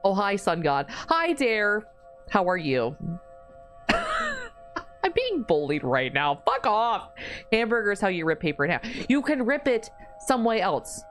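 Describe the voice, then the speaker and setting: A woman's voice: mid-range voice, very animated, unhurried, soft background music. A woman streamer chatting casually during a live game stream, swearing freely as she banters with her chat.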